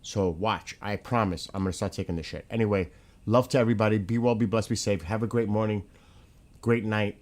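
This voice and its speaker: A man hosting a casual livestream, talking straight to his chat in a hurried, rambling way. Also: on the low side, fairly even intonation, darkish tone. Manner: rushed, talks to chat directly. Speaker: livestream host.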